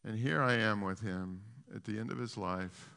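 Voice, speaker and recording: A man preaching a sermon with passion, swinging from hushed to loud and emphatic, repeating and restarting phrases. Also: fairly low pitch, normal speed, vocal fry, clean tone, in a large hall.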